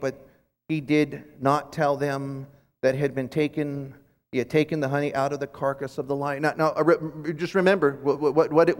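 Male conference preacher, slightly raised pitch, lively halting delivery, long hall echo. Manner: animated storytelling with frequent restarts. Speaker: conference speaker teaching scripture. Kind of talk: sermon.

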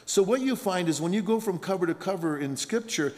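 A middle-aged man preaches, his voice sitting a little high for a man. He tells stories with lively bursts and shouted punchlines. A long hall reverb trails behind his words. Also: fairly quick. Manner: storytelling, animated with shouted punchlines. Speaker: pastor. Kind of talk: sermon. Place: large conference hall.

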